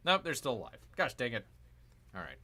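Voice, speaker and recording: A man's voice: medium pitch, huge pitch swings, brisk, bright, forceful tone. A man hosting a gaming channel, casually talking himself through a strategy game, cheering and groaning at each move.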